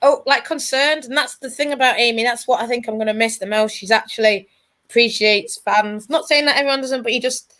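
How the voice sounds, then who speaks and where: A woman's voice: a little high, brisk, a bit bright. Tearful woman telling stories. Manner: emotional, tearful storytelling. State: crying. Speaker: podcast guest. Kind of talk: casual emotional chat.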